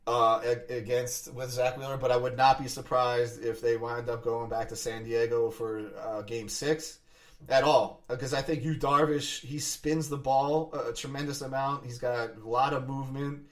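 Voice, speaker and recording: Excited man talking sports, mic set back. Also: medium pitch, distant mic. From Philadelphia area. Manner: fast, excited talk with frequent restarts and fillers. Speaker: sports podcast host. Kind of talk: casual sports chat.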